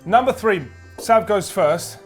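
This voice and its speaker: A man's voice: sits high, expressive, takes it slowly, faint music behind. A young man hosting a comedy impressions quiz, teasing the players and laughing often. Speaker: quiz host.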